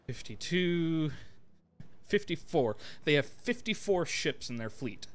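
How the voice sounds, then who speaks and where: A young man giving casual, rambling commentary over his strategy game, swearing freely and thinking out loud with lots of fillers. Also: fairly high pitch, very animated, takes it slowly. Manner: rambling, profane, with frequent fillers. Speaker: gameplay video host.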